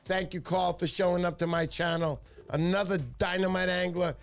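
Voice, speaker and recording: A middle-aged man hosting a casual livestream, telling excitable stories and acting out the voices of the people in them. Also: high voice, moderate pace, soft background music. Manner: excitable storyteller, acts out voices in his stories. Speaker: livestream host.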